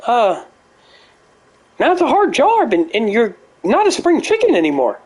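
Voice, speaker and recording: A man doing a comedic impression of an older male pundit who lectures in a strained, halting way with drawn-out "well"s. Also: extremely high pitch, wildly swooping pitch, a little hiss or hum, pitched above the performer's own voice, full character voice. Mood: lecturing.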